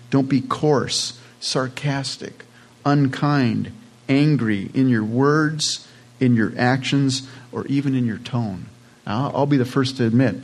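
A man preaching a sermon in a plain, conversational way, with casual asides to his congregation. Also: medium pitch. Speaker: pastor.

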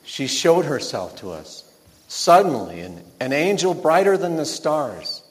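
A middle-aged man playing a shepherd father, gently telling his son a story in a scripted monologue. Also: mid-range voice, big pitch swings, measured pace, in a large hall.

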